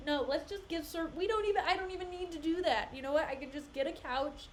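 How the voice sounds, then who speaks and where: A young woman streaming a play reading, breaking off into animated, exasperated rants and laughter. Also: very high voice, fast, few pauses, slight background noise. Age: young adult. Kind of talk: casual live-stream commentary.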